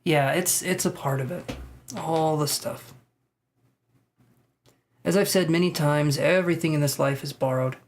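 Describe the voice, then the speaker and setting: Male tarot stream host, a touch high-pitched, loose joking banter with viewers. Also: a little slow, pauses often, a little hiss or hum. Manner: joking, laughing, swearing freely. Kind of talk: casual live-stream chat reacting to viewers.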